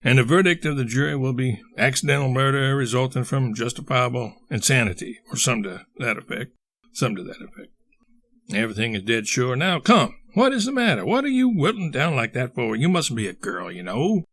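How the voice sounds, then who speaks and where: A man voicing an exuberant, blustering older colonel and schemer who talks in hearty bursts and leaps to excited highs. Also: a little fast.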